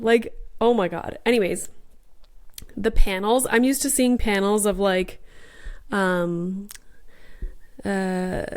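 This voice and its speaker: A woman's voice: mid-range voice, smooth. A woman hosting a mom podcast, chatting in a bubbly, gushing way while getting over a sinus infection. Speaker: podcast host. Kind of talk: casual chat.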